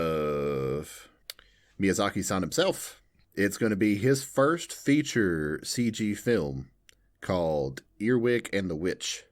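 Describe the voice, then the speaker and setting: A man co-hosting a podcast in casual chat, from the Southern United States, telling stories in an animated way and laughing often. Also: sits low. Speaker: podcast co-host.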